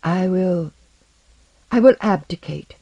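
A reader voicing a young female king who is frightened and desperate, speaking rapidly and distinctly in a loud, high voice. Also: lively intonation, vocal fry, muffled recording, exaggerated voice. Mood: shaken. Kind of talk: audiobook character voice.

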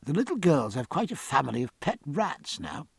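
A man voicing a quiet, earnest naturalist companion. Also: mid-range voice, big pitch swings, a little fast, breathy edge, no echo, studio quality, heavily acted.

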